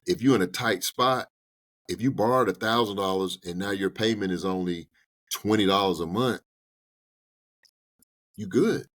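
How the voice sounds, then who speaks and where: A man with a low, slightly husky voice talking through money matters on a podcast. He is animated and colloquial, and drops into quick play-acted exchanges to make his points. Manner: animated, colloquial, acts out little dialogues. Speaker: podcast guest explaining personal finance. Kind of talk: casual conversational advice. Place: podcast studio.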